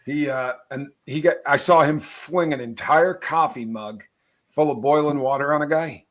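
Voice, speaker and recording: A man's voice: on the high side, moderate pace. A middle-aged man hosting a casual show, telling stories animatedly, laughing mid-sentence and using a lot of slang. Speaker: podcast host. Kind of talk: casual storytelling chat.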